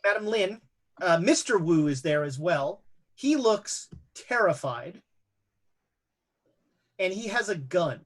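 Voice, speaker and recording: A man's voice: high voice, expressive, fairly bright tone. A young man running a tabletop horror game as game master, narrating with many ums and uhs. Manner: halting, lots of ums and uhs.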